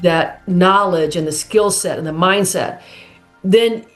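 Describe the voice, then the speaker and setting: A middle-aged woman hosts a podcast with an effusive, inspirational way of talking. Her voice sits at a mid pitch, with faint music in the background. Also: slow. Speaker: podcast host. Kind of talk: casual interview chat.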